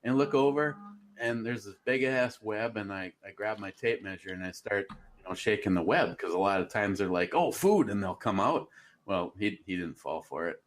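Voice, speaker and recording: A man's voice: on the low side, normal speed, a bit bright. A man, co-hosting a casual online radio chat and telling a rambling, swear-filled story. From Minnesota.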